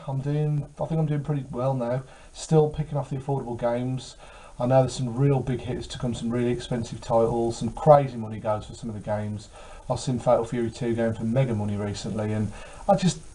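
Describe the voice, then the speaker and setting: A man's voice: mid-range voice, dark tone, low-quality recording. A tired man chatting casually about his game collection, rambling with many fillers. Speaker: retro game collector vlogger. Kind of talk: casual chat.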